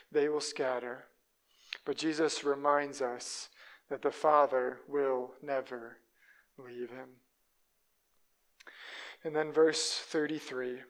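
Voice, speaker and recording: A man's voice: fairly high pitch, fairly bright tone. A man preaching a sermon as a pastor, walking through a Bible passage and acting out the people he quotes. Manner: storytelling preacher who voices quoted speakers.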